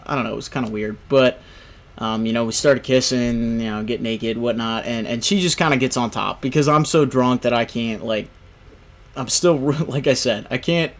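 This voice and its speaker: Young man, American, gaming video host, casual storytelling, rambling delivery, medium pitch. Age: young adult. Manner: rambling, full of "you know" and "right?".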